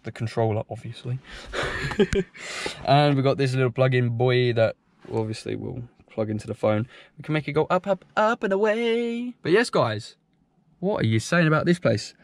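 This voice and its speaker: A young man chatting casually to camera while driving and then outdoors, excitable and swearing freely. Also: mid-range voice, moderate pace, vocal fry. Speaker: vlogger. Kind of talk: casual driving vlog chat. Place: in a car, then outdoors by a reservoir. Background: car and road noise.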